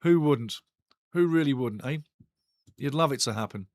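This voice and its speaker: A man hosting a live football watch-along, calling the play and reading the chat in a blunt, excitable, foul-mouthed way. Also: medium pitch, moderate pace, no echo, studio quality. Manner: bursts louder at big chances.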